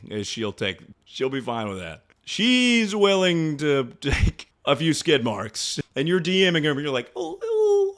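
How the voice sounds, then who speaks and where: A man's voice: mid-range voice, a bit bright. A young man streaming, riffing on viewer stories in crude, rambling casual chat. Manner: rambling, joking, trails off into mumbles.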